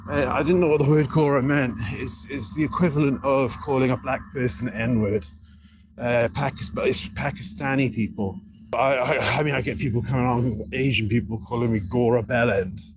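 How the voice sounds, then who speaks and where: Man, casual livestream chat, mid-pitched, rambling, repeats himself, halting restarts, outdoors by a building, phone mic, faint background noise. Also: fairly even intonation. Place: outdoors beside an apartment building.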